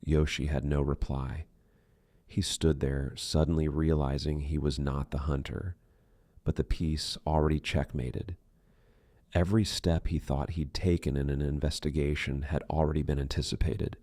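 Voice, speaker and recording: Give me a man with a very low voice narrating a thriller audiobook in a measured, dark tone. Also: level tone, dry recording. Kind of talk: scripted narration.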